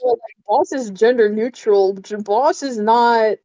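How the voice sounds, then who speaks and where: A podcast co-host chatting casually, reacting playfully and cracking jokes. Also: female voice, on the high side, slow pace, warm tone, poor audio. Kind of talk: casual chat.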